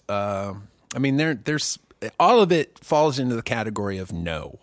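A sarcastic man trading crude jokes on a comedy podcast, his pitch rising and falling. He sounds dry and close to the mic. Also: expressive, normal speed, few pauses, dry recording. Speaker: podcast co-host. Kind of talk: casual comedic chat.

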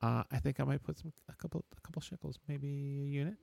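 A man co-hosting a casual sports chat, rambling and halting with lots of "uh"s and chuckles. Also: medium pitch, steady tone, vocal fry, darkish tone, no room sound. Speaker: podcast co-host.

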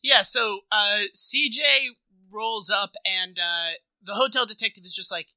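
A podcast co-host recapping with playful jokes in easy, casual chat. The voice has a very sharp, bright tone and sits in a middle pitch. It is recorded close and dry. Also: measured pace, no room sound. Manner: playful, recapping with bits and laughs.

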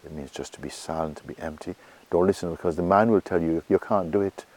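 A man giving a spiritual talk to a gathering, asking questions and answering them himself and softly repeating phrases. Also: rumbling low, quick pace. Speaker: spiritual teacher.

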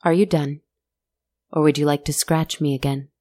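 A woman voicing a calm, defiant young hero in a plain, level, quietly dismissive tone within a spooky storybook tale. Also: deep voice, normal speed, no room sound.

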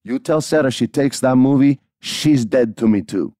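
A man voicing his older grandmother, a fiery Puerto Rican wrestling fan, with a shrill, indignant Puerto Rican accent. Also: moderate pace, gravelly, darkish tone, no room sound, clean studio sound. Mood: threatening.

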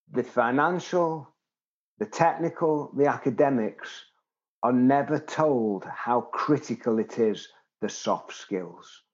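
A man's voice: medium pitch, highs cut off. A man in his seventies, a guest in an interview, who tells stories with animation and acts out the people he quotes. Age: 70s. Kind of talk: interview conversation.

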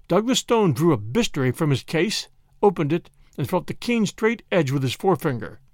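A man reading a story aloud in an expressive, dramatic way. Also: on the high side, no room sound, clean studio sound. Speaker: narrator. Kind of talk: scripted story narration.

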